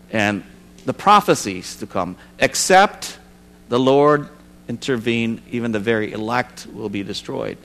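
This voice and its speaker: A man giving an informal sermon, reading scripture aloud and adding conversational asides with frequent restarts. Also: mid-range voice. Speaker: preacher. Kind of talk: informal Bible study sermon.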